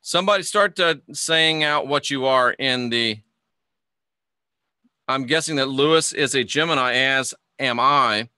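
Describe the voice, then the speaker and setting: In studio-quality audio with a clean tone and no echo, a man with a mid-range voice, measured pace, and sharp tone hosts a casual astrology lesson on livestream. He chats with viewers, reads out their comments, and often stumbles and restarts his sentences.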